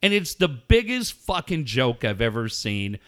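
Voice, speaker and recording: A man's voice: medium pitch, sing-song, unhurried, a bit bright. A man hosting sports talk radio, ranting angrily and swearing as he mocks a team. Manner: angry, swearing, mocking.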